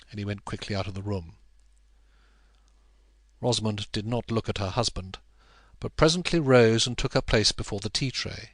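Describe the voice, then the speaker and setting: Low-voiced man reading a novel aloud. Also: fairly even intonation, a little fast, a bit bright, no room sound. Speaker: audiobook narrator. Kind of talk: scripted narration of a classic novel.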